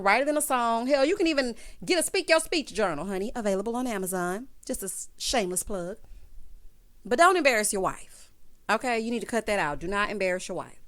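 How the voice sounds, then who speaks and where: A woman giving a sassy, animated recap of a reality TV episode, full of slang and asides to her viewers. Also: fairly high pitch, fairly quick. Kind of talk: casual recap commentary.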